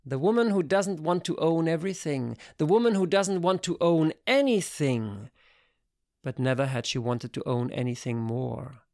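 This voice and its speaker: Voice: medium pitch, moderate pace, dark tone, no room sound, studio quality, lightly acted. A reader voicing a frank, worldly woman who speaks with blunt, coaxing provocation in an audiobook.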